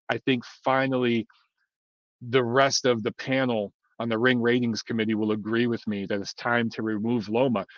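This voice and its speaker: A man's voice: mid-range voice, fairly bright tone, dry recording. A man giving blunt, rambling boxing opinions to his viewers, with many fillers and restarts. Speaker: boxing commentator. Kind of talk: casual opinion monologue. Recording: dull lo-fi dry sound.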